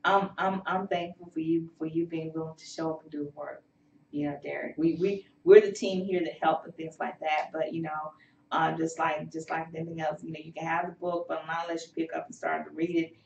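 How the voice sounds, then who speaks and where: A woman hosts a health segment in an encouraging tone full of fillers. Her voice sits a little low. The sound is dull and roomy, picked up from some way off the mic. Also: little pitch movement, fairly quick, vocal fry, a little mellow, recorded from a distance, slight background noise. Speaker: host. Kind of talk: health show chat.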